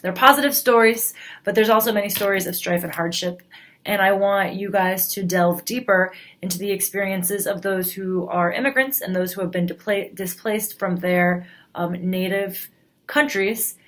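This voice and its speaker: A woman's voice: medium pitch, steady tone, normal speed, a bit bright. A woman teacher explaining the week's class assignments in a plain, explanatory way with frequent fillers. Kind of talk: recorded class announcement.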